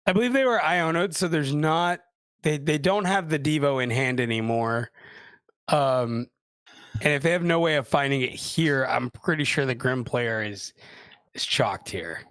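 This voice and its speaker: A man from the Houston area doing casual live commentary on a card game tournament, excitable and quick to laugh. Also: a little high, clear, resonant tone, dry recording, clean studio sound. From Houston area, USA. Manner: excitable, breaks into shouts and laughter.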